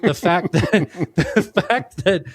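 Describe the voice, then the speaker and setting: A man's voice: high-pitched, animated, takes it slowly, husky, no echo, studio quality. An Australian man co-hosting a podcast, chatting casually in a rambling, jokey way and swearing now and then. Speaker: podcast co-host. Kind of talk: casual chat.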